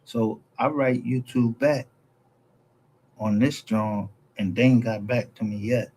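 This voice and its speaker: A man's voice: medium pitch, fairly even intonation, takes it slowly, darkish tone, a little hiss or hum. A man giving a heated, profane, rambling commentary as a YouTube creator, often restarting his sentences.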